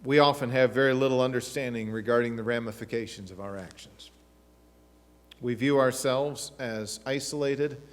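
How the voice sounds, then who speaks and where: A middle-aged man, preaching a sermon as pastor with emphatic rhetorical questions and asides. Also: mid-range voice. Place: church sanctuary. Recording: long church reverb.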